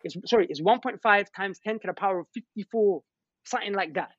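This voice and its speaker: A man telling religious stories in an animated, slangy way, repeating words as he goes. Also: high voice, fast talker, no room sound. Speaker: Islamic preacher. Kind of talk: storytelling religious talk. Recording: dull, lo-fi sound.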